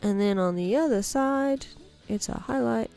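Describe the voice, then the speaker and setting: A young woman chats casually on a livestream while she works on a drawing. She talks in an unhurried way, thinks aloud and likes to repeat a word just for fun. Soft music plays quietly in the background. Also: on the high side, creaky. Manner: muses aloud, playfully repeats words. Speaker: streamer.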